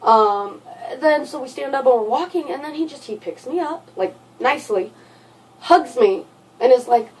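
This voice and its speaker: A young adult woman telling a personal story in a vlog, halting and looping back over details with lots of fillers. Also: high-pitched, animated. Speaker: vlogger. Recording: voice sits far from the mic.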